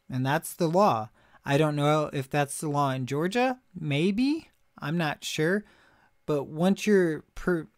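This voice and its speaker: A man's voice: fairly high pitch, dry recording. Guy ranting thru a rambly vlog story, lots of side tangents, dry close sound. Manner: animated, ranting, with frequent asides. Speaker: vlogger. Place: lives in Missouri.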